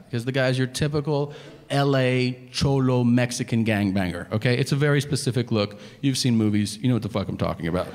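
A man doing a stand-up comedy set, telling a story in a laid-back way and acting out the dialogue. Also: medium pitch. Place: comedy club stage.

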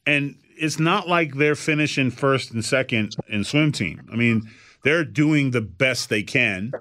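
A man's voice: mid-range voice, unhurried, fairly bright tone, dry recording. A middle-aged man and podcast host telling a story in casual chat, blunt and emphatic.

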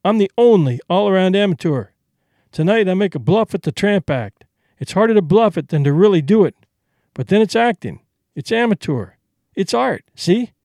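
A man's voice: high-pitched, expressive, normal speed, a little mellow, no echo, studio quality. A man voicing a brash young male vaudeville tramp comic who talks in boastful, breezy slang.

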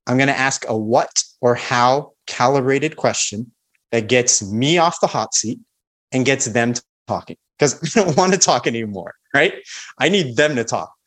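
A man's voice: medium pitch, animated, normal speed, a bit bright. Confident man teaching sales on a podcast. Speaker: sales expert guest. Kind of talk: podcast interview.

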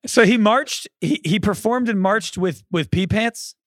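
A man's voice: high voice, a little slow, dry recording, clean studio sound. A man co-hosting a casual podcast, chatty and full of questions. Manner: chatty, hedging with "like", asks questions. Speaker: podcast co-host. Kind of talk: casual chat.

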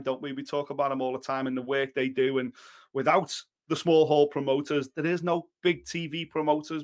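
A man with a fairly high voice talks boxing in a blunt, animated way, swearing freely. He carries the conversation as a co-host, mixing complaints with ideas of his own. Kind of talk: casual chat.

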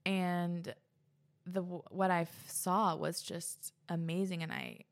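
Woman vlogger with a slightly low voice, casual, loose and rambling, lots of fillers. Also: slow, creaky. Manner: rambling, filler-heavy, laughs at herself. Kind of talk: casual chat to camera.

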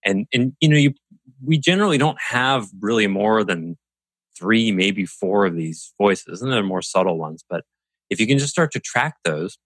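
A man's voice: lowish voice, moderate pace, no echo. A man leading a group call as a coach, talking reflectively and acting out inner voices with shifts of tone. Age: adult parent. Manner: expressive, mimics inner voices with changes of tone.

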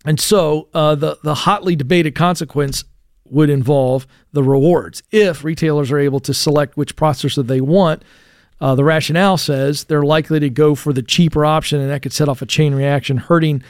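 Clear-voiced man hosting talk radio. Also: fairly high pitch, steady tone, moderate pace, dry recording, studio quality. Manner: conversational, explains news with asides and fillers. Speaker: radio talk show host. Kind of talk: casual talk radio chat.

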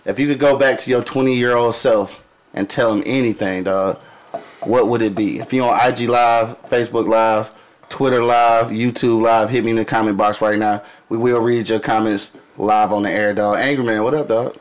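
A man's voice: on the low side, fairly even intonation, moderate pace. A man hosting a casual live radio show, loose and profane, laughing often.

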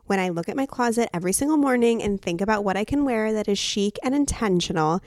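A young woman delivering a polished, upbeat sponsor read on a podcast. Her pitch is middling, and the sound is dry and close. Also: lively intonation, fast talker, a little mellow, no room sound. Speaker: podcast co-host. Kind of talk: scripted ad read.

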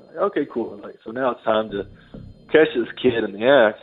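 A man's voice: on the low side, fairly quick, slightly rough. A man telling a rambling first-person story, acting out the voices of the people in it. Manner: rambling, acts out quoted voices. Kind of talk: casual storytelling. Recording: phone-line audio with faint music.

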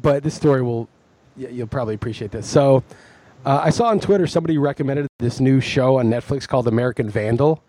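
Husky, mellow-voiced man telling rambling stories. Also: mid-range voice, fast, dry recording. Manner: rambling, self-mocking storyteller. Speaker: podcast co-host. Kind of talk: casual chat.

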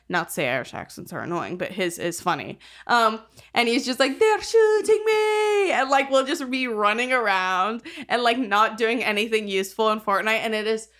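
A woman's voice: a little high, fairly bright tone. A young woman co-hosting a podcast, talking casually and rambling with frequent "like" and swearing. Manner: rambling, heavy use of "like", swears freely. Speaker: podcast co-host. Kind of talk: casual chat.

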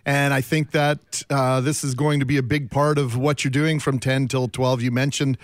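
A man's voice: mid-range voice, flat delivery, normal speed, no room sound. Supportive male radio co-host, dry sound. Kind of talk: casual on-air chat. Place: radio studio.

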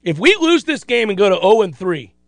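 Man, middle-aged, sports radio host, animated storyteller, high voice, dry studio sound. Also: a little fast, creaky, no room sound. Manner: animated, self-deprecating storyteller. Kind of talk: casual sports radio chat.

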